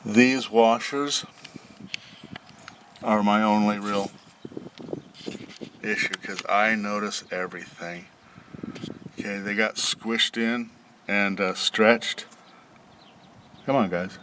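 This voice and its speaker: A man with a low, relaxed voice rambles through a casual vlog outdoors, chuckling and talking half to himself as he looks over his truck. Faint outdoor noise sits behind him on a simple camera mic. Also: slow pace, long pauses. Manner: rambling, chuckling, talks to himself while working. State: out of breath from bending over. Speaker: vlogger reviewing a truck job.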